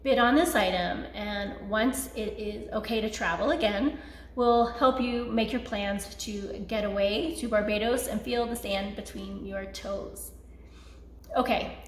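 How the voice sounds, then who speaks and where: A woman hosting a charity benefit, reading auction items in an upbeat, promotional way. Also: on the high side. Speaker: benefit host. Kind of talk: scripted auction announcements. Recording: echoey room.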